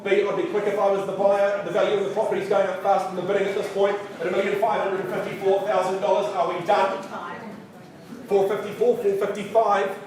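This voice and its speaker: The auctioneer, whose voice sits high with a darkish tone, calls bids at an indoor live auction and jokes with the bidders in playful asides. He sounds distant, and the room is very reverberant.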